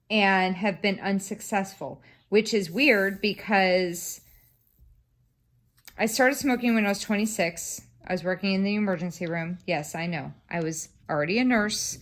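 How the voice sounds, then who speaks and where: A woman's voice: medium pitch, fairly bright tone. A woman, chatting casually to a camera on a stand while she crafts, rambling and swearing freely. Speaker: craft vlogger.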